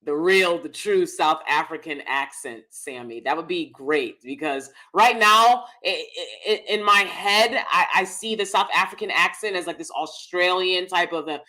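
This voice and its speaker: Bright, emphatic woman hosting a live stream. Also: on the low side, moderate pace, hardly any pauses. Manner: emphatic, repeats key phrases; chatty, talks straight to viewers. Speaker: host.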